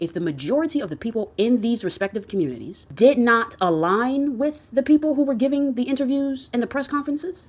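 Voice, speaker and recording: A woman giving ranting social commentary, blunt and heavily profane, firing off heated rhetorical questions. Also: a little high.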